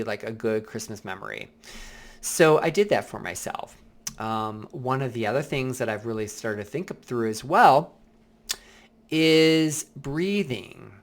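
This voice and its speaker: A man talks candidly about coping with hard times, earnest and reflective. He wanders through his thoughts with plenty of filler words, sounding like he is sharing from his own experience. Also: medium pitch. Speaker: vlog host. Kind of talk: personal self-help talk.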